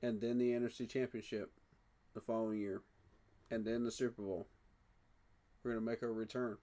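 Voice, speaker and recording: A man talking excitedly in a casual fan reaction vlog, emotional and repeating himself. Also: fairly low pitch, normal speed. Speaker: sports fan vlogger.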